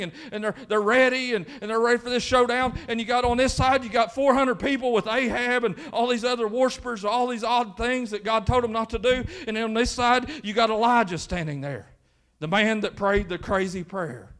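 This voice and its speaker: A male pastor preaches by retelling a story with lively energy, often restarting his phrases. His voice sits high for a man. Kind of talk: sermon storytelling.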